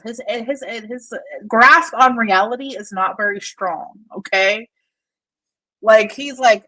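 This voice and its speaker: A woman's voice: a little high, takes it slowly, pushed and bright, poor audio. A woman hosting casual commentary over a shared screen, mocking, swearing and laughing often. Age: adult with a young daughter. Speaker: commentary channel host.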